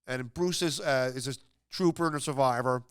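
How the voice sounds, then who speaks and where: A man's voice: medium pitch, normal speed, fairly bright tone, smooth, dry recording, studio quality. A man hosting a podcast, casually retelling an anecdote in a rambling, chatty way full of fillers and restarts. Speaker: podcast host.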